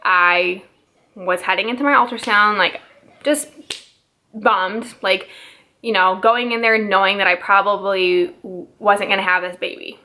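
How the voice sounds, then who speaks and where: A young woman talks straight to her viewers in a casual storytime vlog. Her voice is bright and clear, and she chats freely, filling her sentences with "like" and slipping into quick quoted exchanges as she retells the conversations. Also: mid-range voice. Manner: chatty, lots of "like", quotes others in her own voice. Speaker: mom vlogger.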